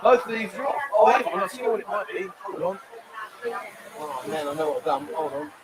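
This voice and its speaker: A man's voice: high-pitched, lively intonation, fairly quick, over a noisy crowd, poor audio. A man hosting a live stream from a bar lounge, chatting casually, reading viewer comments aloud and cracking cheeky jokes. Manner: cheeky, rambling, jokey. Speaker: live-stream show host.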